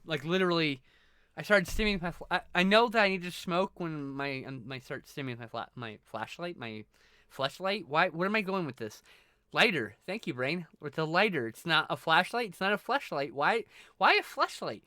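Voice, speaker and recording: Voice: mid-range voice, dry recording. A live streamer chatting casually with viewers, thanking them and swearing freely. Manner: greets and thanks viewers warmly.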